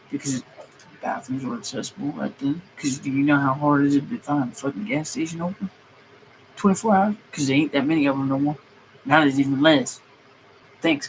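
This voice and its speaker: A man's voice: medium pitch, a little fast, a little hiss or hum, poor audio. A man streaming a comedic rant, griping heatedly and swearing freely as he goes. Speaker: streamer and mechanic. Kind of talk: comedic ranting monologue.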